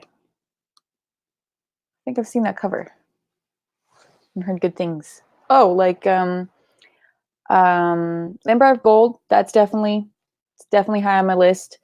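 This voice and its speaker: Young woman host, loose chatty delivery with fillers and swearing; creaky tone, dry room. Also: mid-range voice, slow, long pauses, darkish tone, dry recording, muffled recording. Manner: chatty, swears casually, many filler likes and ums. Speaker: book club live show host. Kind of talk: casual livestream chat reading comments.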